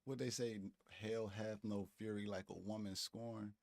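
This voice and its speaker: A man co-hosting a stream, giving animated, profane commentary with laughing asides. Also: on the low side, moderate pace, creaky, dry recording, clean studio sound. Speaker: stream co-host. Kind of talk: casual commentary.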